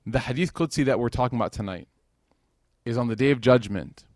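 This man's informal sermon to a religious gathering is chatty and laced with jokes, and he becomes emotional when he turns to scripture. He speaks a little fast in a mid-range, darkish voice, captured dry with clean studio sound.

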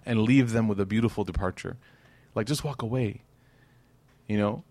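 A man teaching a casual, storytelling religious lesson, animated and joking with his audience, with short stretches of Arabic recitation. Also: on the low side, moderate pace, long pauses, no echo. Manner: animated, conversational, jokes with the audience. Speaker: Islamic teacher.

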